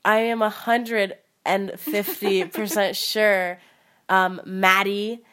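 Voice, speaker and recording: A woman's voice: mid-range voice, flat delivery, takes it slowly, bright, forceful tone. A young woman guesting on a playful mock podcast, giggly, jokey and rambling. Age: young adult.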